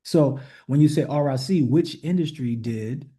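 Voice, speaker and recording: Speaking at a moderate pace in a dark, mid-range voice, this man coaches a group over an online leadership call. His motivational teaching is blunt and emphatic, full of repeated rhetorical questions and direct commands.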